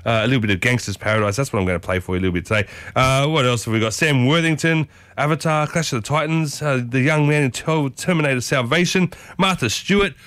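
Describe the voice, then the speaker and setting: A man's voice: medium pitch, quick pace, hardly any pauses, fairly bright tone, no echo. Chatty Australian man on morning radio. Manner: chatty, upbeat, rambling with fillers. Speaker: radio host. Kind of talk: casual morning radio chat. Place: radio studio.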